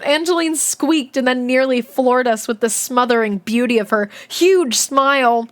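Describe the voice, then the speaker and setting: A woman's voice: high voice, normal speed, few pauses. A woman streaming a read-aloud of a children's book, breaking off for chatty, laughing asides. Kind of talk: livestream read-along with chat asides.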